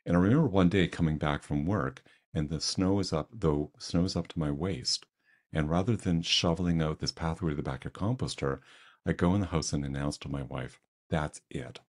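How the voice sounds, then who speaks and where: A man's voice: rumbling low, a little fast. An older man from Canada, telling a self-deprecating story as a webinar presenter.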